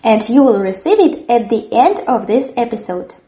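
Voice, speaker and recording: A woman teaching a language lesson, sounding out words slowly and cheerfully so viewers can repeat after her. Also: fairly high pitch, big pitch swings, mellow. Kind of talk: slow, clear language lesson. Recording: echoey room, dull lo-fi sound.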